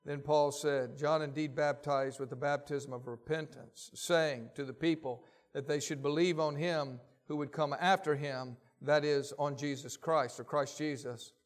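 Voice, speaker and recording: A man delivers a sermon, moving between read scripture passages and told anecdotes. His voice sits fairly high for a man. He acts out the quotes in his stories. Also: a little slow, few pauses. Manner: reads scripture aloud, then tells stories with lively voiced quotes. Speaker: pastor.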